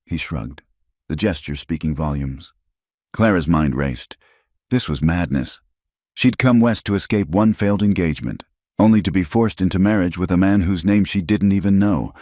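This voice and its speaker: Very deep-voiced male narrator. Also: a little mellow, no echo, studio quality. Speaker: storyteller. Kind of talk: scripted narration.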